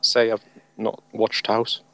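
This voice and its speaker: A man's voice: fairly low pitch, monotone, takes it slowly, bright, forceful tone, no echo, lo-fi sound. A man hosting a podcast, chatting casually in a wry, jokey way. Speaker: podcast host. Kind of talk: casual chat.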